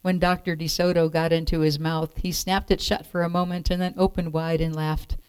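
A woman calmly reading a children's picture book aloud as storyteller. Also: deep voice, moderate pace, smooth, dry recording.

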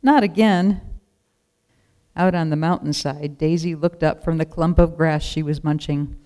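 A narrator reading a children's storybook aloud in a steady, expressive way. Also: medium pitch, normal speed, clean tone.

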